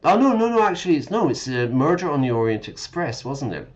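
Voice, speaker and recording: A man's voice: fairly high pitch, big pitch swings, brisk, dull audio. A man teaching English while streaming a game, chatting casually, correcting himself and explaining words as he goes.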